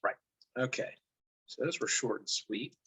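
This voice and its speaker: A man's voice: medium pitch, measured pace, sharp tone, breathy edge, rough recording. Casual man teacher thinking aloud. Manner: thinks aloud with fillers, reads passages then comments. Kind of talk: casual classroom explanation.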